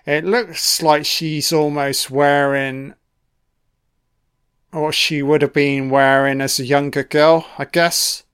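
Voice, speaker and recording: A man's voice: on the high side, flat delivery, slow, a bit bright, clear, resonant tone. A man giving casual audio commentary on a film, with profane, sardonic running reactions.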